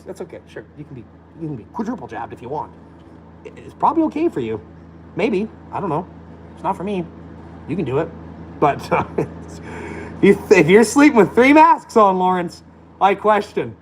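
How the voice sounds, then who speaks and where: A man's voice: sits high, sing-song, moderate pace, pauses often, a little hiss or hum, poor audio. A man ranting bluntly and combatively, swearing freely in a loose, profane monologue. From Alberta, Canada. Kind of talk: profane rant.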